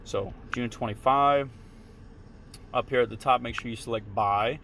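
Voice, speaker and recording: A man talks through a screen-share tutorial in a loose, casual way, often pausing to check the listener is following. His voice sits at an ordinary middle pitch, with a faint hum in the background. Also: fairly bright tone. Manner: casual, checks in with "right?" tags. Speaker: retail options trader walking viewers through trades.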